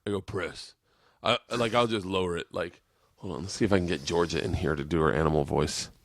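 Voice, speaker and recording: A man hosting a casual podcast, loose and quick to laugh, often stumbling over his words. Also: low voice, steady tone, no room sound, studio quality. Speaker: podcast host.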